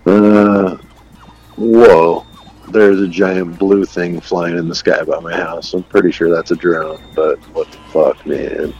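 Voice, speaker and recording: Very deep-voiced laid-back man. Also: steady tone, slow, a little mellow, soft background music, rough recording. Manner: laid-back, swears a lot, says bro. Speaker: radio show co-host. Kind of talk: casual radio banter. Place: at home, on a phone line.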